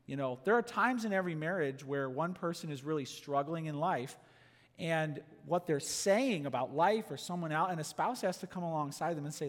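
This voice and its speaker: Male pastor, high and lively voice, preaching with rhetorical questions, long hall reverb. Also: a little fast. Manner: animated preaching, rhetorical questions, drops soft for quoted asides. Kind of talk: sermon. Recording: long echo of a large hall.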